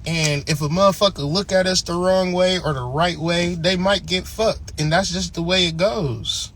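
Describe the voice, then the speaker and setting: A man's voice: high-pitched, fairly even intonation, moderate pace, a bit bright, a little hiss or hum. A man hosting a channel, delivering a blunt, profane, emphatic ranting monologue. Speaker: channel host.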